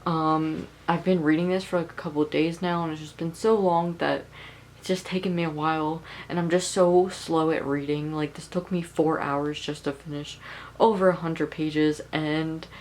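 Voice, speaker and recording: A woman's voice: deep voice, fairly even intonation, moderate pace, darkish tone, a little hiss or hum, low-quality recording. A young woman talking casually in a reading vlog, rambling and chatty with plenty of filler words. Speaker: book vlogger.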